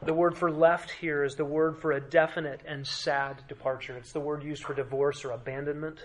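A man preaching a sermon as pastor, emphatic, with dramatic drops to a quiet voice and rhetorical questions to the congregation. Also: a little high, flat delivery, normal speed, a little hiss or hum.

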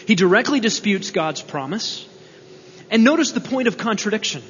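A man's voice: high-pitched, lively intonation, measured pace, fairly bright tone, slight background noise. A male preacher giving a sermon, emphatic, repeating key lines and asking rhetorical questions. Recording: dull sound with long hall reverb.

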